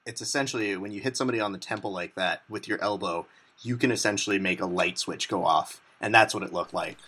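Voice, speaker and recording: A man's voice: lowish voice, fast talker, pushed and bright, slightly rough. A man co-hosting a podcast in casual chat about a fight broadcast, playful and fond of joke impressions. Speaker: podcast co-host.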